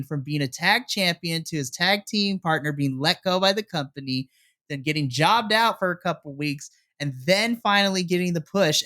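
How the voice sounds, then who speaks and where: A man's voice: sits high, pushed and bright. Chatty male podcast co-host, playfully dramatic. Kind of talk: casual chat.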